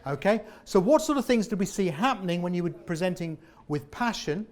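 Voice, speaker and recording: A man, a former comedian, leading a lively interactive workshop on presenting and asking the audience questions. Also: high-pitched, brisk. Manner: animated, jokey, questions the audience. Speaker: presentation trainer. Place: meeting room with an audience.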